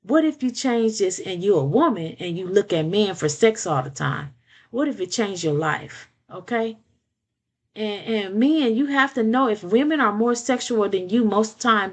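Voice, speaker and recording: An older woman giving blunt, preachy relationship advice in a casual monologue, often repeating words and checking in with "okay?". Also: mid-range voice.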